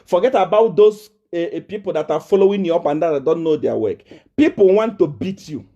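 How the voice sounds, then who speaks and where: A man with a Nigerian accent hurls taunts and challenges at a rival. His voice sits high and swings widely in pitch as he presses his points over and over. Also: animated, brisk, dull audio. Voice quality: loud, taunting, repetitive. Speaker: preacher. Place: South Africa.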